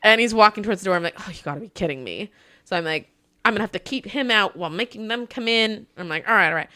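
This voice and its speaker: A woman with a Texan accent, co-hosting a casual podcast and telling a work story in an animated way, acting out quotes and laughing often. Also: mid-range voice, fast. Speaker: podcast co-host.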